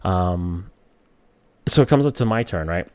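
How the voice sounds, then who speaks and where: A man from the Philippines telling a personal story in a relaxed, conversational way, his voice jumping up when he quotes himself as a child. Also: low voice, a little slow, no echo.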